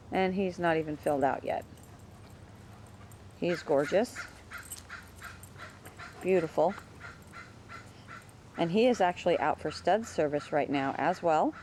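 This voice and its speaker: A woman talking casually about her dogs in her yard, chatting away and calling to them in a high sing-song. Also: darkish tone, slight background noise. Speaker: dog breeder. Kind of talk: casual home video narration.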